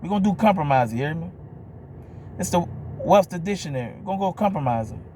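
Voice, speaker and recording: New orleans dude ranting at the camera, kinda high voice, swears a lot, keeps going you hear me. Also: male voice, animated, fast talker, mellow, a little hiss or hum. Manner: blunt, profane, keeps asking "you hear me?". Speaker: vlogger.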